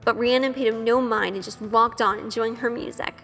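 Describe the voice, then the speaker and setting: Shy young woman narrator, earnest and self-questioning, slightly high voice, reverberant with light music. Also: steady tone, fairly quick, fairly bright tone. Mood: self-conscious. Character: shy, nervous young woman, obsessive and curious. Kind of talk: first-person audio drama narration.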